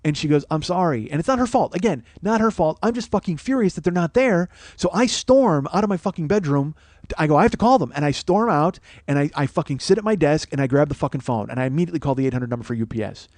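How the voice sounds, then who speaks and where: A man's voice: on the high side, expressive, quick pace, darkish tone, dry recording. A man in his forties, a comedian and host, telling a comic story with profane, worked-up ranting. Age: 40s.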